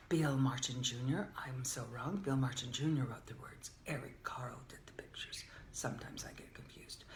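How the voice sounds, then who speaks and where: An older woman reading a picture book aloud to young children, gentle and playful, often dropping to a soft whisper. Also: a bass voice. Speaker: children's storyteller. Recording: echoey room with faint hiss.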